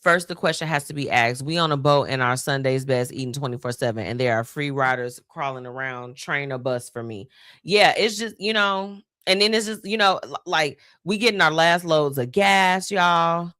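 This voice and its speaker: A woman's voice: deep voice, moderate pace, a bit bright, dry recording, clean studio sound. A woman hosting a live stream, talking casually and animatedly to viewers, laughing often. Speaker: host.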